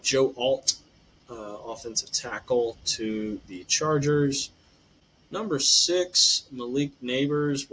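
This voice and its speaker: A man hosting a casual sports podcast, with a mid-pitched voice and a loose, rambling delivery. He fills his talk with ums and uhs and often ends lines with "eh". A faint ambient hiss sits under the recording. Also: fairly bright tone, rough recording. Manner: rambling, filler-heavy, says "eh".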